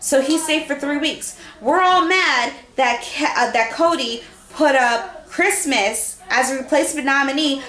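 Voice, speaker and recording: A woman's voice: high voice, bright, forceful tone. A woman recapping a reality show as a fan, arguing her points and talking straight to the people she discusses. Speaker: fan commentator. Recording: echoey room with faint noise.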